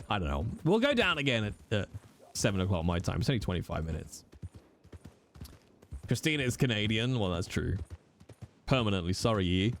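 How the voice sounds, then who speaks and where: Lively male streamer. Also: lowish voice, slight background noise. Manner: animated, jokey, teasing chat and swearing. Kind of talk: casual live-stream chat.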